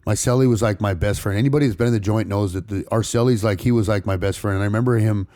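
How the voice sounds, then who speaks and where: A low-voiced man rattles through his story at a fast clip, cursing freely and restarting sentences as he goes. His tone is dark and mellow. The recording is dry and close, with no room sound. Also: no echo. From San Fernando Valley, California. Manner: rapid, profane street talk with frequent restarts. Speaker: podcast guest. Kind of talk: casual storytelling interview.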